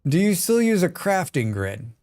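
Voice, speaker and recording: American guy streaming, joking around with chat, kinda high voice. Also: big pitch swings, moderate pace, darkish tone. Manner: joking, chatty, reads and answers chat. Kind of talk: casual live-stream chat while gaming.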